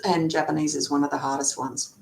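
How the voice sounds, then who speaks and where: A woman's voice: little pitch movement, fast talker, creaky, darkish tone, poor audio. A middle-aged woman, a lawyer guest in a casual interview, talking chattily with frequent fillers and laughs. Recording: faint background rumble.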